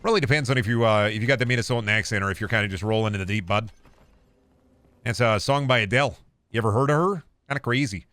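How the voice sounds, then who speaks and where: A man from Iowa streaming a game, reading chat questions aloud and answering with offhand jokes and gruff mock-dad phrases. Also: lowish voice, quick pace, fairly bright tone, no room sound. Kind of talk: casual live-stream chat while gaming.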